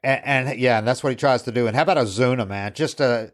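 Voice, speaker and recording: A man's voice: mid-range voice, fast. A man hosts a baseball podcast in a loose, conversational way. His voice sits in the middle of the range for a man. He often restarts his sentences and mixes in quotes from players. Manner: rambling, with frequent restarts and quoted asides. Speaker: podcast host. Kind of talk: casual sports talk.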